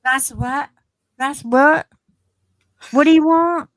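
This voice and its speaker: A woman's voice: high-pitched, slow pace, no room sound, voice pushed up. A woman mimicking a chirpy Texan counter worker who gushes and drawls. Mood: gushing.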